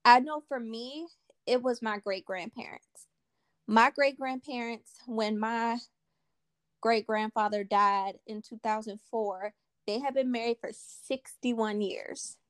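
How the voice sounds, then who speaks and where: Slow-paced and fairly high in pitch, this podcast host's voice has no room sound at all. She leads the conversation earnestly, restating her main points to drive them home.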